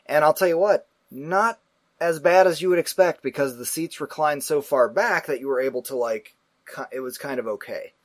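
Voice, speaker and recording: A man hosting a casual talk show, telling a story in a profane, animated way and acting out the people in it. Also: fairly high pitch, moderate pace, dry recording. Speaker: podcast host.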